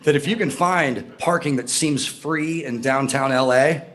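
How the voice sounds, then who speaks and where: A man co-hosting a live podcast, making measured, wry remarks in casual chat. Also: mid-range voice, a bit bright. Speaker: podcast co-host.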